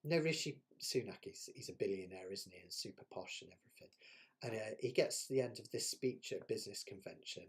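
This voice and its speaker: A West Country man with a West Country English accent hosts a live ukulele jam stream as its teacher, chatting casually, laughing often and poking fun at himself. His voice is on the low side, expressive and breathy-edged, and he talks fast.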